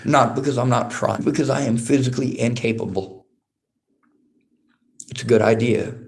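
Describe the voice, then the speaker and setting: A man's voice: medium pitch, normal speed, creaky, a little mellow. A man streaming from a library, reading chat comments aloud and answering them in a bitter, profane, lecturing rant. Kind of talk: angry livestream rant.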